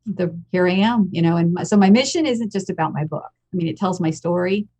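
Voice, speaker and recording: A woman's voice: lowish voice, a little fast, warm tone. An American woman in her fifties, a podcast guest telling her own story in a frank, emotional and blunt way. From United States. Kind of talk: candid personal storytelling.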